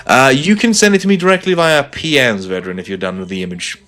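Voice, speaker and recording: A man's voice: mid-range voice, quick pace, a bit bright, faint music behind. A man streaming a game live, chatting casually with sarcastic jokes and frequent laughs. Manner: joking, laughs often, sarcastic asides.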